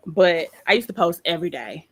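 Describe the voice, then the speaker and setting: A woman guest on a podcast, chatting casually and telling animated stories, often laughing. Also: lowish voice, brisk, background noise. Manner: lively storyteller, acts out quotes in voices; laughs often while talking. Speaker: guest, pastry chef.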